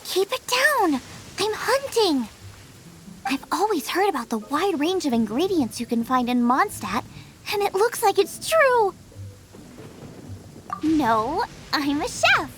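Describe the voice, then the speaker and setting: A woman voicing a cheerful young female chef in a video game, bubbly and excitable about food. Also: very high voice, takes it slowly, pauses often, slight background noise, heavily acted. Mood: eager. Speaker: game character. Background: game music.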